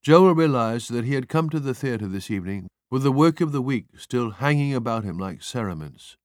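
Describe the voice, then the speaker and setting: A man narrating literary fiction as an audiobook, measured and expressive. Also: mid-range voice, no room sound, clean studio sound.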